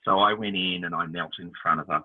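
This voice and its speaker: A man co-hosting a casual chat, telling animated stories and acting out the voices of people he quotes. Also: deep voice, quick pace. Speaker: podcast co-host. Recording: tinny phone-line sound.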